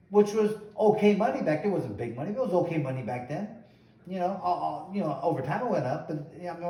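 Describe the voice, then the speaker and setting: A man's voice: high-pitched, warm tone. A middle-aged man hosting a casual chat, telling rambling stories and acting out what people said. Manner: rambling, acts out quotes. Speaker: host, former boxer. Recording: echoey room, mic at a distance.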